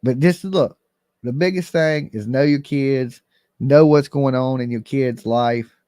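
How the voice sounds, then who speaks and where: A man's voice: medium pitch, a little slow, dark tone, clear, resonant tone, no echo. A man hosting a live call-in commentary stream, talking bluntly and emphatically straight to his viewers. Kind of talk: casual livestream commentary.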